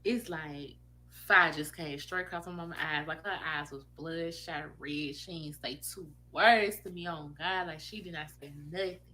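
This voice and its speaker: A woman's voice: low-pitched, moderate pace, low-quality recording. A woman telling her own story casually, acting out the voices of the people in it. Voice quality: animated, acts out quoted voices.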